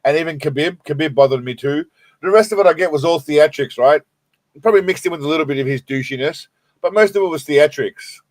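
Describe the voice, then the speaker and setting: A man riffing through a live stream, rambling and cursing with constant false starts. His voice sits a little high for a man. The sound is close and completely dry, with no room to it. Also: quick pace, dry recording. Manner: rambling, profane, many restarts. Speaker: streamer reacting to clips. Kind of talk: casual live-stream commentary.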